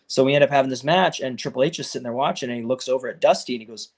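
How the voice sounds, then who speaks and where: Male wrestler guest, mid-pitched, talks fast and loose, animated when he acts out quotes. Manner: loose and conversational, many fillers like "like" and "you know". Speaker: professional wrestler telling his career story. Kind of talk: casual storytelling in an interview.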